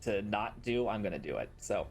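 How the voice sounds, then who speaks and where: Relaxed man running a tabletop game. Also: on the low side, normal speed. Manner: relaxed, rambling narration with fillers. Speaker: game master. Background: music.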